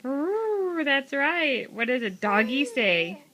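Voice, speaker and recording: A woman's voice: high-pitched, big pitch swings, slow, bright, forceful tone. Sing-song woman in baby talk. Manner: sing-song, coaxing, playful questions. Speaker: mother talking to her toddler. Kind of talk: home video baby talk.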